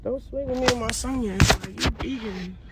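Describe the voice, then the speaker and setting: A woman's voice: fairly high pitch, brisk, background noise. A young woman, upset and shaken, angrily ranting into her phone by a car, cursing and repeating herself. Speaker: mother filming a live phone video. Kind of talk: agitated phone video rant. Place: in and around a car, outdoors.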